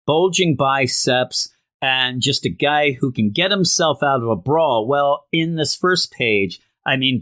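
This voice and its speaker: A man casually reviewing an old comic book, rambling and retelling the story with animated asides. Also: mid-range voice.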